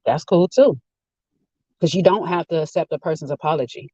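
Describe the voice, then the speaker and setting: A man's voice: on the high side, moderate pace, dark tone, husky, no room sound, muffled recording. A man giving a rambling, opinionated casual rant while sitting in a car. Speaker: vlogger. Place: inside a car.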